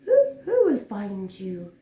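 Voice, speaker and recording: A woman's voice: mid-range voice, wildly swooping pitch, slow pace, warm tone. Woman doing a kind eager doggy, bouncy voice, echoey room. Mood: friendly. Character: friendly helpful young dog. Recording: roomy echo.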